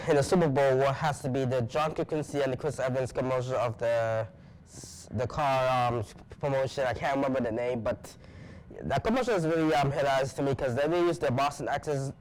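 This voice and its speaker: A man's voice: mid-range voice, slight background noise, poor audio. A young man guesting on a student show, speaking in casual chat full of ums and restarts. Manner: hesitant, filled with ums and restarts. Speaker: guest co-host.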